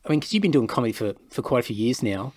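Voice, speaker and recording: A man's voice: medium pitch, expressive, rapid-fire, a little mellow, no echo. A man hosting a podcast, asking long meandering questions and correcting himself as he goes. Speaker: podcast host. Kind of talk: casual podcast interview.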